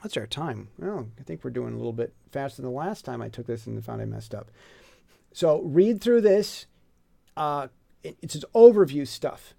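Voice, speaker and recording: A man's voice: mid-range voice, lively intonation, moderate pace, gravelly, dark tone. A man casually walking through a reading book's word lists, chatty and digressive, full of fillers and musing asides. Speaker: teacher presenting a reading curriculum. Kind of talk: casual walkthrough lesson.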